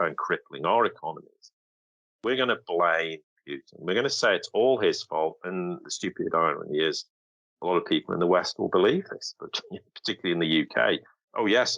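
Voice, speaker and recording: A man's voice: low voice, a bit bright, no echo, rough recording. A man speaking as a guest commentator in a podcast interview, emphatic and sarcastic, often acting out the voices of others.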